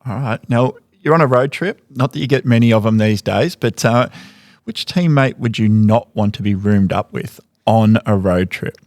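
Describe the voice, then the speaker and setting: Easygoing man with a low voice. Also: normal speed, darkish tone, dry recording, studio quality. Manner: joking, easygoing questioner. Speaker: podcast host. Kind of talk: casual interview chat.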